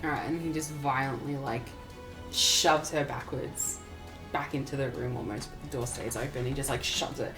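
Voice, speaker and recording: A woman narrating a tabletop role-playing game as game master, in a casual and lively way. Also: rumbling low, normal speed, music in the background.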